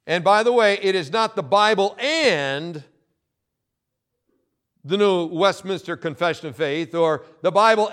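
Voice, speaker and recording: A male pastor preaching a sermon, emphatic and insistent, repeating key phrases and pausing for effect. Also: high-pitched, a bit bright.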